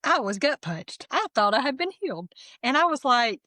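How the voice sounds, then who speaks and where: A woman's voice: high-pitched, moderate pace, no echo. Candid woman telling her story. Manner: lively, candid, self-deprecating storyteller. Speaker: guest sharing her testimony. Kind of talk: personal testimony storytelling.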